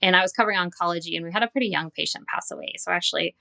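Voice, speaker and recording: A woman in her forties with a lowish, creaky voice speaks at a racing pace in a sharp tone. She's a dietitian appearing as an interview guest, sharing her personal story candidly and earnestly and quoting dialogue as she recounts it.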